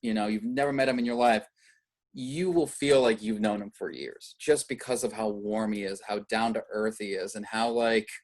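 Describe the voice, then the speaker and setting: A man's voice: lowish voice, fairly even intonation, normal speed. Rambling man telling filmmaking stories. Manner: rambling, many filler "like"s and restarts. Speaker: filmmaker guest. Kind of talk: casual interview chat.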